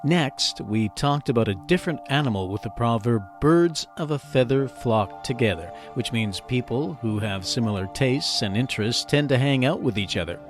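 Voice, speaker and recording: A man's voice: mid-range voice, moderate pace, few pauses, faint music behind. A man hosting a scripted educational podcast, explaining phrases in a playful, jokey way. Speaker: podcast host.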